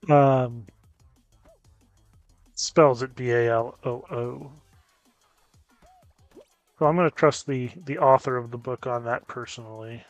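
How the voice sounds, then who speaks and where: A man's voice: mid-range voice, steady tone, slow pace, long pauses, no room sound, dull audio, faint music behind. Chatty man commenting on gameplay. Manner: chatty, reacts loudly to near misses. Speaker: gaming YouTuber.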